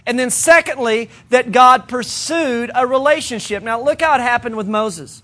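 A man's voice: extremely high pitch, moderate pace, hardly any pauses, bright, forceful tone. A male pastor preaching a sermon in a conversational, humorous way, building points through emphatic repetition.

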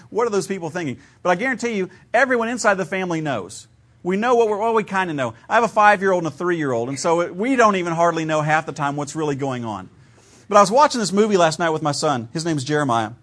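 A man's voice: sits high, lively intonation, quick pace, fairly bright tone. A man in his thirties, from Ohio, preaching a sermon in a conversational, storytelling way with shifting emphasis. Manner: conversational storytelling preacher, varied emphasis, laughs at own stories. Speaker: pastor.

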